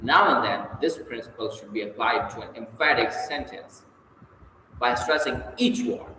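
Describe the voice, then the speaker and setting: Guy reading a speaking textbook out loud, stumbles now n then, very echoey room with a long reverb tail. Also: medium pitch, lively intonation, normal speed, a little hiss or hum. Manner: reads aloud with occasional stumbles and self-corrections. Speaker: audiobook reader.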